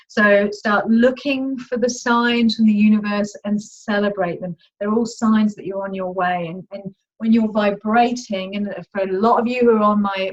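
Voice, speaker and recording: A woman coach leading a live online masterclass in a chatty, upbeat, informal manner. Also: medium pitch. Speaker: money mindset coach. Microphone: video call. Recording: dull lo-fi video call audio.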